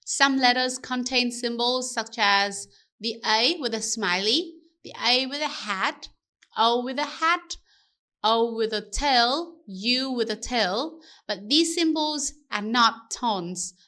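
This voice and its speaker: A woman gives a scripted language lesson in a bright, crisp voice pitched a little high. She speaks very slowly and carefully, pausing to ask her learners questions. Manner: careful, explanatory, asks rhetorical questions. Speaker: language teacher.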